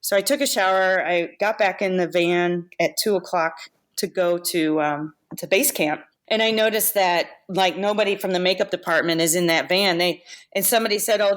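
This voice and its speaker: Woman, podcast guest, lowish voice, animated storytelling, laughs and restarts. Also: normal speed. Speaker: guest makeup effects artist. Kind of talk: casual storytelling interview.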